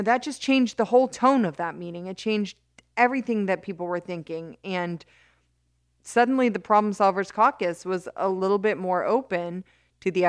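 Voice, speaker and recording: A woman as an interview guest, telling a story in an animated way with many restarts and bursts of laughter. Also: fairly low pitch, no room sound, studio quality. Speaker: interview guest, criminal justice advocate.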